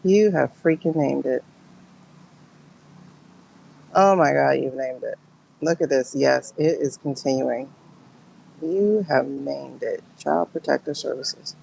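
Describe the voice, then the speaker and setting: A woman's voice: a bass voice, measured pace, vocal fry, warm tone, a little hiss or hum, low-quality recording. A woman giving a livestream tarot and pendulum reading, talking to her viewers in an emotional, exclaiming way.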